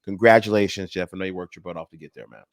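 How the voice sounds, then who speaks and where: A man hosting a comedy talk radio show, upbeat as he runs through plugs and shout-outs. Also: low voice, steady tone, very fast, no room sound, clean studio sound. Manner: upbeat, promotional. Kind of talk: casual radio banter and plugs. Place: radio studio.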